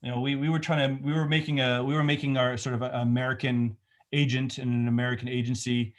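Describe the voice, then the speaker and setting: A man's voice: medium pitch, little pitch movement, fast. Man talking loosely over a video call. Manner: thoughtful, rambling with restarts. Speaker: film director guest. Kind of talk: casual remote interview.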